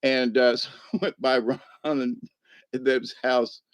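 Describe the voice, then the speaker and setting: A man's voice: mid-range voice, steady tone, a little slow, no echo. A man hosting a casual livestream, rambling through stories, laughing often and answering the chat. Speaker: livestream host.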